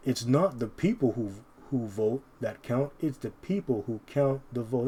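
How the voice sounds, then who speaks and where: A man giving an informal, combative scripture commentary. He reads verses slowly and keeps tacking "man" onto his lines. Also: mid-range voice, expressive, mellow, breathy edge. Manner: combative, repeats "man" constantly. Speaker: Bible teacher.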